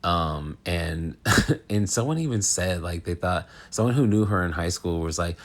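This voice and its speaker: A man with a very low voice talks through an astrology reading in a casual monologue. He rambles, restarts his sentences and fills the gaps with ums, and he speaks frankly. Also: expressive, normal speed. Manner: rambling, filler-heavy, frank. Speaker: astrologer, channel host.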